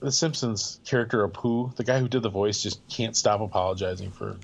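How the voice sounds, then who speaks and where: A man's voice: lowish voice, fairly quick, vocal fry. A man co-hosting a music show, rambling wryly through opinions in casual chat. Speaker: radio show co-host. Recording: slightly dull lo-fi sound.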